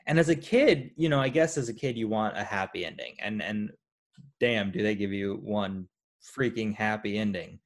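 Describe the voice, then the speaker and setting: Man, casual podcast chat, animated, rambling, lots of fillers. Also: on the low side, moderate pace. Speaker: podcast co-host. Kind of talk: casual movie discussion.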